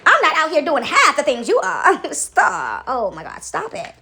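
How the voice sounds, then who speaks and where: A woman's voice: high voice, wildly swooping pitch, moderate pace, creaky, bright, forceful tone. An older woman talking casually about faith and acting out voices, playful and laughing often. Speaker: faith vlogger. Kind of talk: casual monologue, acting out God's voice.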